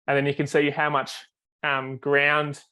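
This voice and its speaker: Flat-voiced man coaching with fillers. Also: a little high, measured pace, smooth. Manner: explains step by step with many fillers and restarts. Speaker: foiling coach. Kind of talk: coaching call video review.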